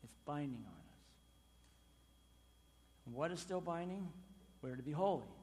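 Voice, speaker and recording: A male pastor delivering a sermon in a church. His fairly high voice is emphatic, surging on key words and then sinking low and quiet. A long reverb from the large hall trails after every phrase. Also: animated, normal speed. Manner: emphatic, swinging between loud stresses and quiet drops.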